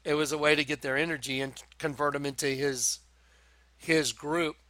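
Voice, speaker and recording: A man preaching an online show-and-tell monologue, talking slowly and emphatically, repeating phrases and calling his viewers folks. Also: a little high, fairly even intonation, a bit bright, no room sound. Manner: repetitive, insistent, addresses viewers as folks.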